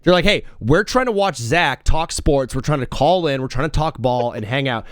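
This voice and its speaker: A man's voice: on the high side, lively intonation, moderate pace, clear, resonant tone, no room sound, clean studio sound. A young man hosting a sports talk show, chatting casually, laughing often and acting out his callers. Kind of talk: casual podcast chat.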